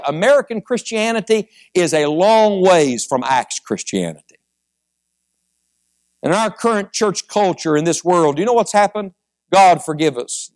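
A man preaching a sermon, moving between quiet storytelling and rising, fervent appeals to the congregation. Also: on the high side.

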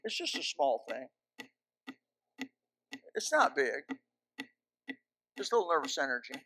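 A man's voice: mid-range voice, sing-song, measured pace, bright, forceful tone, dry recording. A man preaching a sermon in a church into a microphone, with emphatic, repeated commands and joking asides. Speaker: pastor. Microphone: handheld or stand microphone.

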